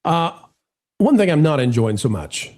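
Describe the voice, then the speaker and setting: A man hosts a live stream in a loose, joking way and talks straight to his audience. His fairly high voice swoops up and down with a lot of expression. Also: a little slow. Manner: animated, joking, addresses viewers directly. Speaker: livestream host. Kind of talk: casual live-stream chat.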